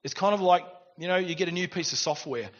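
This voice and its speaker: A middle-aged man, preaching a sermon and telling stories in an animated way with quiet asides. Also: high-pitched, fast. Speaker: pastor. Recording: dull recording in a reverberant church hall.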